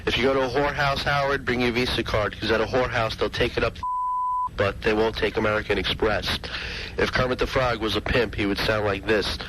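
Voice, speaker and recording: A man's voice: on the low side, steady tone, a little fast, background noise. Joking New man in his thirties. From New York. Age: 30s. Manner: joking, casual. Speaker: contest entrant on a recorded tape.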